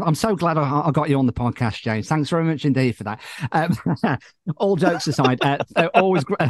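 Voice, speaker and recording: A man's voice: medium pitch, a little mellow, no echo. A man hosting a radio interview, friendly, polite and appreciative toward his guest. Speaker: radio show host. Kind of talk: interview host chat.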